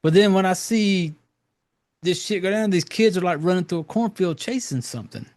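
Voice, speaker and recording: A man's voice: sits high, animated, normal speed, darkish tone. A man hosting a podcast, recapping a horror film in a rambling, profane, loose way with lots of fillers. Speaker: podcast host. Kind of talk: casual movie recap.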